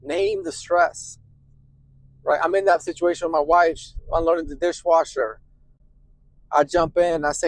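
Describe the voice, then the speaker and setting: A middle-aged man talks straight to his listeners as a therapist, animated and chatty, and he often checks in with a quick "right?" His voice sits a little high for a man. The recording is dry and close, with no room sound. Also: dry recording, rough recording. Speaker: therapist and podcast host. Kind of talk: conversational explanation to listeners.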